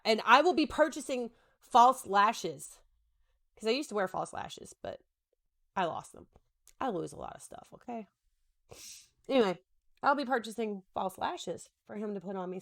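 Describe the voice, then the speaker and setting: A woman's voice: mid-range voice, very animated, moderate pace, a bit bright. A woman in her thirties chatting casually while she does her makeup, rambling and joking about herself, now and then talking to her husband. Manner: rambling, self-deprecating, talks to husband between steps. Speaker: makeup vlogger.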